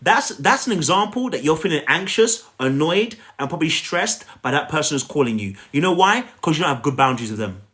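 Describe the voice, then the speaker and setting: Guy coaching live on stream, kinda high voice that jumps around a lot, preachy, keeps repeating himself. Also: very animated, a little fast, few pauses, fairly bright tone. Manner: emphatic, repetitive, preachy, asks the audience to repeat after him. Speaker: relationship coach.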